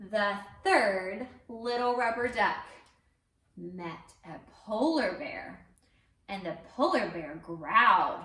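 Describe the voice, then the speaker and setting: High, lively woman leading baby story time. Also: takes it slowly. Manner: animated, sing-song, coaxing children to join in. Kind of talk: interactive story time for babies. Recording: roomy, from off-mic.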